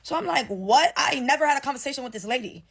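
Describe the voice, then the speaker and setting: A woman's voice: high voice, racing, creaky. A young woman telling a casual storytime rant about her job, profane and slangy, acting out what people said. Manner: animated, profane, slangy storytelling with acted-out quotes. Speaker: storyteller ranting about work. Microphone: phone selfie video.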